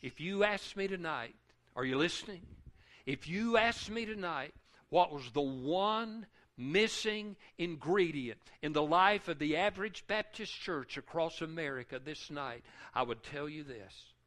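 Emotional preacher, high bright voice. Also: male voice, expressive, a little slow. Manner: emotional, swings from hushed to loud; repetitive rhythmic phrasing. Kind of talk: sermon.

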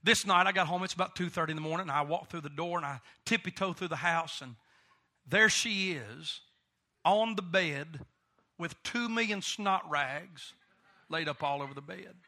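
A man preaching a sermon through an animated personal story, with many "uh" fillers. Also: on the high side, normal speed.

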